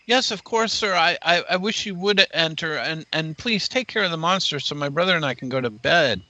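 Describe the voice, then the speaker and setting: Guy putting on a shy little rich girl, high stammery voice, lo-fi sound. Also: lively intonation, fairly quick, pushed and bright, no room sound. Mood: pleading. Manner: hesitant, stammering. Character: timid young aristocrat girl, polite, pleading. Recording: dull lo-fi recording.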